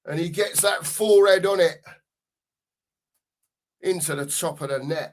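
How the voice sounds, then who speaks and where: A man co-hosting a live football watchalong, giving casual commentary and reading out chat messages with plenty of banter. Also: fairly high pitch. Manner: banter-filled, drawn-out emphasis on goal calls.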